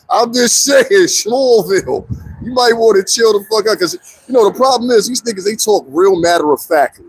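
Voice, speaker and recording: A man's voice: high voice, a little fast, slight background noise. A man commenting casually on a live stream, talking straight to his viewers and laughing often. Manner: animated, talks straight to viewers, frequent laughs.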